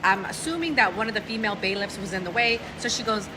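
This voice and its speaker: A woman interviewed outdoors outside a court building, telling her eyewitness account in an animated way. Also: mid-range voice, fast talker. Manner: animated storyteller. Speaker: podcast host interviewed as an eyewitness. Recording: clear street noise with passing traffic.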